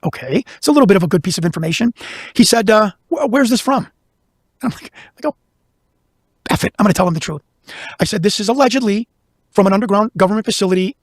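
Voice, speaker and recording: A man from Chicago, a guest investigator, telling a long story in casual conversation, talking quickly with lots of restarts. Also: high-pitched, no room sound, clean studio sound. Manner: fast, animated, talks over himself with restarts.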